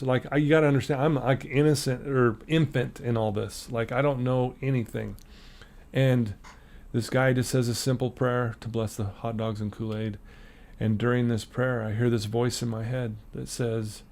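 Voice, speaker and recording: A man's voice: mid-range voice, moderate pace. A middle-aged man, a podcast guest, telling a personal story in a casual interview and acting out the voices of the people in it. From Utah, USA. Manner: animated storyteller, acts out quoted voices.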